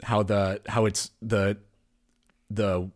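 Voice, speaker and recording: A man's voice: lowish voice, flat delivery, slow pace. A man co-hosting a podcast, chatting casually and with amusement, often trailing off and restarting his sentences. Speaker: podcast co-host. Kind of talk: casual chat.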